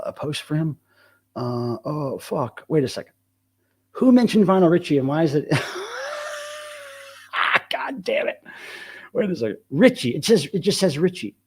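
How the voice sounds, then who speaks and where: A man's voice: a little high, a little mellow, slightly rough. A middle-aged man hosting a casual live stream, reading the chat aloud and talking loosely with plenty of swearing. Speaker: livestream host.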